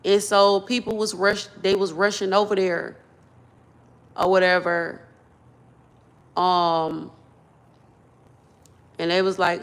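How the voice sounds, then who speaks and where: A woman's voice: mid-range voice, fairly even intonation, slow pace, long pauses. A young woman vlogging into her phone, telling a personal story in a loose, rambling way and repeating herself as she gets worked up. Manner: casual, loose grammar.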